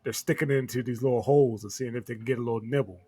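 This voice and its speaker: A man's voice: medium pitch, fairly even intonation, racing, mellow, slightly rough, no echo. A man co-hosting a podcast, telling stories in loose, profane chat. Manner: profane, storytelling. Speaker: podcast co-host.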